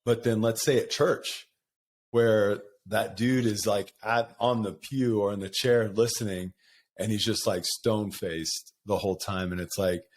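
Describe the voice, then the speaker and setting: A man's voice: fairly low pitch, fairly even intonation, a little slow. A middle-aged man hosting a podcast, talking candidly in a rambling, casual way and laughing often. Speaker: podcast host. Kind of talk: casual conversation.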